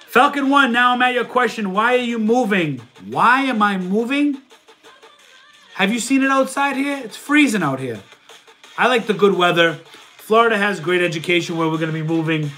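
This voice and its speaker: Chatty high-voiced man on a livestream. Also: expressive, fairly quick, sharp tone, faint music behind. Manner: chatty, reads viewer questions aloud and answers. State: stuffy nose. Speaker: livestream host and reseller. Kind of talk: casual livestream Q&A.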